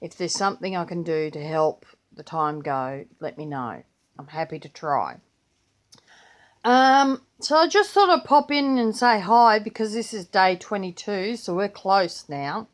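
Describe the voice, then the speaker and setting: An older Australian vlogger who has a grandchild chats casually, meandering through her planner and pen collection. She speaks at a measured pace in an expressive, mid-range voice.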